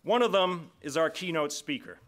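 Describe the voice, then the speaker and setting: A man introducing the keynote speaker at a formal dinner, speaking in a measured way and slowing down for emphasis. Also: a little high, expressive, a bit bright. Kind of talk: formal prepared speech at a dinner. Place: large banquet hall.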